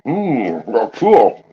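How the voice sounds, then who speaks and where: Slow-drawling man chewing through a livestream. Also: medium pitch, slightly rough. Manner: talks with his mouth full, chuckling between bites; slow, easygoing drawl with folksy slang. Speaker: livestream host. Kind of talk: casual live chat. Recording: dull lo-fi stream audio.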